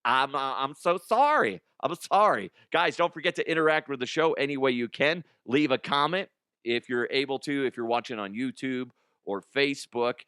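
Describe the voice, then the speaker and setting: A man's voice: mid-range voice, lively intonation, normal speed, pushed and bright, smooth, no echo, clean studio sound. A man hosting a comedy podcast in casual, rambling chat, laughing often and swearing. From Colorado. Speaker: podcast host.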